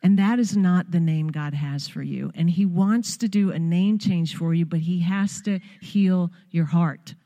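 A middle-aged woman from Long Island, New York, guest-preaches in a church sanctuary, her lowish, warm voice carrying a big-room sound. She talks at a measured pace with hardly any pauses, giving a heartfelt, conversational exhortation full of asides.

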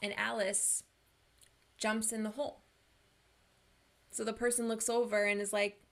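Young woman coach talking real earnest and casual, lots of "like", gravelly vocal fry. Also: fairly high pitch, level tone, a little slow, long pauses. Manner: earnest, casual, uses "like" a lot. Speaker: mental health coach. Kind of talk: personal motivational talk.

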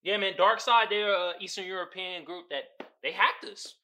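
Loud, animated man ranting on a podcast. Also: sits high, moderate pace. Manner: animated, loud, swearing, talking straight to listeners. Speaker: podcast host. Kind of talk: casual profane commentary.

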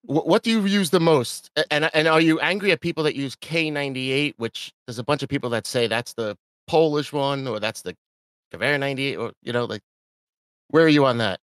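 A man's voice: mid-range voice, brisk, a bit bright, clear, resonant tone, no echo. A man hosting a casual interview, asking eager, curious questions and laughing easily. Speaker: podcast host.

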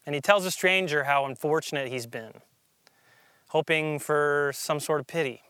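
A man preaching a sermon as a pastor, earnest and emphatic, slowing down to stress key phrases. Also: a little high, bright, forceful tone, smooth, no echo, clean studio sound.

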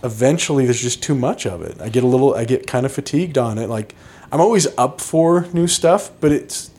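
A man's voice: mid-range voice, lively intonation, brisk, darkish tone, husky. A man co-hosting a podcast, chatting casually and meandering as he thinks aloud. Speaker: podcast co-host. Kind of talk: casual chat.

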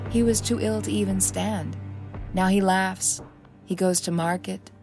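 A woman's voice: medium pitch, steady tone, a little slow, darkish tone, soft background music, natural voice. A woman voicing an earnest young man who pleads for healing, in a pleading, wry way.

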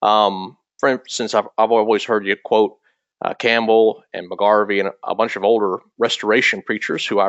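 A man's voice: lowish voice, a bit bright, no echo, dull audio. A man hosting a studio conversation, asking questions in a thoughtful, slightly hesitant way. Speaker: podcast host. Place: recording studio.

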